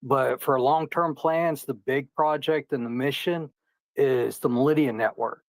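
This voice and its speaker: A man from Indiana calling in to an online chat, calmly explaining his work. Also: medium pitch, unhurried, dry recording, poor audio. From Indiana, United States. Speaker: caller. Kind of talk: casual conversation. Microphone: online audio call.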